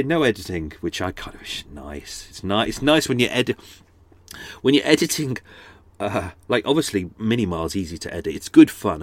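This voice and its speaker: A man's voice: fairly low pitch, no echo. A man hosting his podcast in a casual, rambling chat, with a slightly blocked nose, recording close to the microphone on a houseboat. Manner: chatty and meandering, frequent restarts and asides. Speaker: podcast host. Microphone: studio microphone close up.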